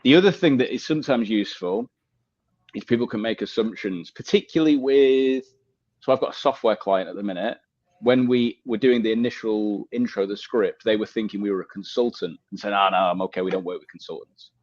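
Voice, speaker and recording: Low-voiced man on dull call audio. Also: fairly quick, a little mellow. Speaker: sales guest. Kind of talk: casual webinar chat.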